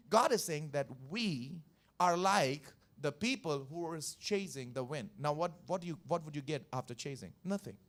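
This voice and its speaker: A man preaching a Sunday sermon as pastor, repeating phrases and putting questions to the congregation. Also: on the high side. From India. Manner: emphatic, repetitive, questions the congregation. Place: church service.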